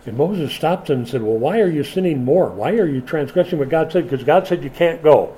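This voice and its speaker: A man preaching a sermon, dramatic and animated, dropping from loud emphasis to hushed lines and acting out voices. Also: a little high, fairly quick, slight background noise. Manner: acts out biblical voices in quotes.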